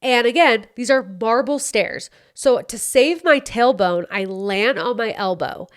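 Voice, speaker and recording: A woman's voice: a little high, unhurried. Chatty young woman telling a story. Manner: animated, chatty storytelling, reenacts quotes. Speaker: podcast host. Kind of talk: casual storytelling chat.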